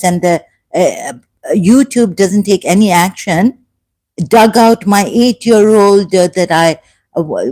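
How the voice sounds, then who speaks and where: Lowish, mellow woman streamer, halting and indignant. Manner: halting, many fillers, indignant. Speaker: YouTuber. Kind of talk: live-stream commentary reading chat.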